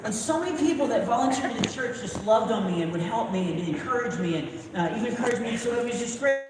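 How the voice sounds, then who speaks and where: A man performing live stand-up comedy at a church event, telling stories in an animated way and often breaking off mid-thought. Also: very high voice, fast. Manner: animated storytelling with frequent self-interruptions. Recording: far mic in echoey hall, loud crowd laughter.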